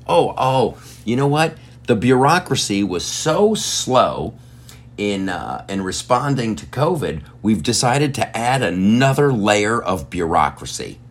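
A man's voice: fairly low pitch, sing-song, measured pace. Heated, profane man ranting. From United States. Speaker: podcast host. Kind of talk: ranting podcast monologue.

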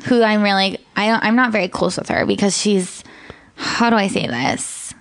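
A woman's voice: mid-range voice, normal speed, creaky. A woman co-hosting a comedy podcast in character, playful and goofy, laughing often. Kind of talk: improvised comedy banter.

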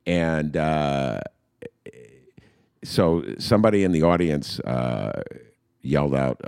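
A man's voice: very deep voice, lively intonation, slow, gravelly, a little mellow, clean tone, no echo, clean studio sound. A middle-aged man hosting a political podcast, riffing sarcastically and mocking the people he talks about. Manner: sarcastic, riffing, mocking quotes in funny voices. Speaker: podcast host. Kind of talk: casual political commentary.

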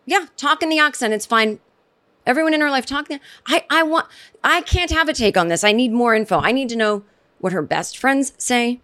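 A middle-aged American woman hosting her own podcast, rambling and sarcastic in casual solo commentary. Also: fairly high pitch. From United States. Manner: rambling, animated, sarcastic asides. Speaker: podcast host.

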